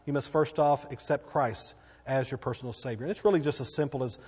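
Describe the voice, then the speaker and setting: A man's voice: mid-range voice, brisk, darkish tone, breathy edge. A middle-aged man from Texas, preaching a sermon with emphatic, repeating preaching cadence in a church. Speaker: pastor. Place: church sanctuary. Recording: long reverb of a church hall.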